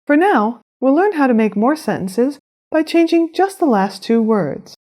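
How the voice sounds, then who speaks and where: A woman narrating a scripted language lesson, explaining phrases clearly and pronouncing them with care. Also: high voice, expressive, a little mellow. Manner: clear, measured instruction with careful pronunciation. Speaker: language teacher.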